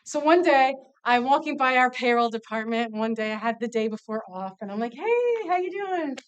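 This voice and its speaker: Candid woman telling a story, slightly high voice. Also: a little fast, clean tone, highs cut off. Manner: lively, candid, acts out dialogue. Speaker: nonprofit CEO speaking to students. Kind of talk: casual storytelling talk.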